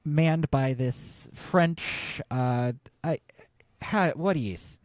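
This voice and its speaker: A man co-hosting a casual film discussion podcast. He talks in an easygoing, halting way. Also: on the high side, no echo. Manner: easygoing, halting, with fillers and restarts. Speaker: podcast co-host.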